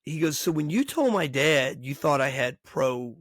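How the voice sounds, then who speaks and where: Hosting his podcast, a middle-aged baseball coach spins stories in relaxed interview chat, acting out quoted dialogue with animation. His voice is a bit high, his pace moderate, and the clean studio sound has no echo.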